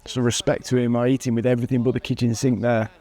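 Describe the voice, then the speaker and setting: A man in his thirties, an MMA fighter, casually commentating on his own old fight footage with animated excitement and frequent chuckles. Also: medium pitch, fast. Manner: animated, chuckles at himself, bursts of excitement at big moments. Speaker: MMA fighter and channel host.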